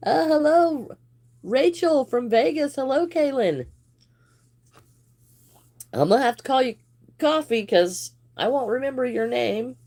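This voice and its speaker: A woman hosts a live crochet stream, chatting casually as she works, greeting viewers by name and laughing now and then. Her voice is high-pitched and animated with a darkish tone, and she speaks slowly with frequent pauses.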